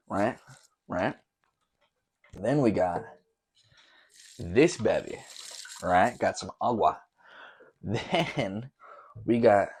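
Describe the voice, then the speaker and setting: A young man hosting a casual solo podcast, rambling loosely with lots of slang and swearing. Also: medium pitch. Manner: loose, profane, slangy storytelling. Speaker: podcast host.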